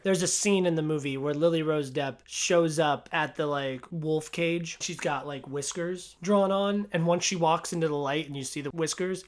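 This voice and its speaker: A young man giving a casual movie review, gushing and excitable, laughing often and peppering his talk with "like". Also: on the high side. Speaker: film reviewer.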